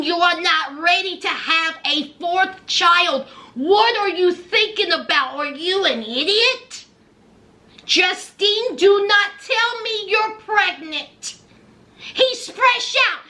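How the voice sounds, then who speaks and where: A woman voicing an exasperated middle-aged mother who scolds her grown daughter with rapid-fire questions. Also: very high-pitched, sharp tone, heavily acted. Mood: scolding.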